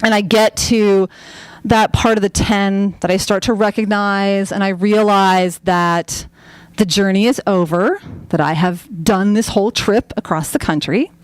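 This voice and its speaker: A young woman telling a personal story on stage in a chatty, animated way, full of fillers and acted-out quotes. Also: mid-range voice, a little slow, clear, resonant tone, no room sound, rough recording. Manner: acts out her own quoted lines.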